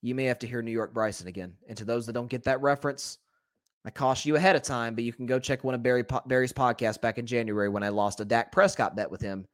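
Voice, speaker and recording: A man's voice: mid-range voice, fairly even intonation, no room sound, studio quality. A man hosting a solo sports talk podcast, speaking in an opinionated, candid way, addressing his listeners directly and correcting himself as he goes. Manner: opinionated and candid, talks straight to listeners as folks; conversational with quick self-corrections.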